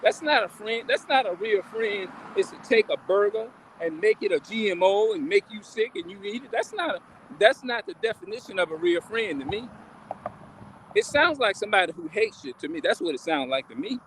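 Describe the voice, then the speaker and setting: High, bright-voiced man rambling on a live stream. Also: lively intonation, brisk, a little hiss or hum. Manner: repetitive, rambling, asks listeners questions. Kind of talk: casual live-stream talk. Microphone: phone or webcam on a live stream.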